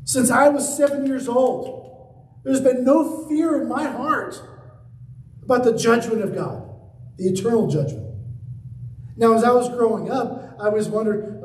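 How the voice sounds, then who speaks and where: A man preaching a sermon, swinging between lively high passages and hushed low emphasis. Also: measured pace, pauses often, slight background noise. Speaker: pastor. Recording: roomy, distant mic with faint ambience.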